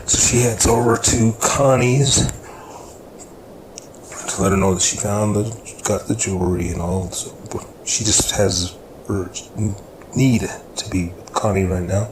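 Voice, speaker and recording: Man, low voice, casual rambling storyteller, noisy recording. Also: steady tone, a little slow, reverberant. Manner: rambling retelling, raises his voice for quoted characters.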